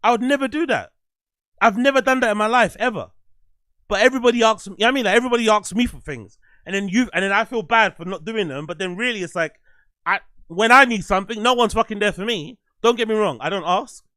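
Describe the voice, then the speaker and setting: A man's voice: high-pitched, fast, bright, forceful tone, no room sound, clean studio sound. A man hosting a casual livestream chat, rambling, swearing and running himself down. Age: adult, "you get older". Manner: swearing, rambling, self-deprecating. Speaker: podcast host.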